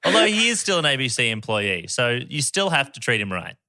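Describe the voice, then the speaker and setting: A young Australian man co-hosting a podcast, chatting and telling a story in a relaxed way. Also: mid-range voice, fairly quick, dry recording. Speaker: podcast co-host. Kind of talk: casual podcast chat.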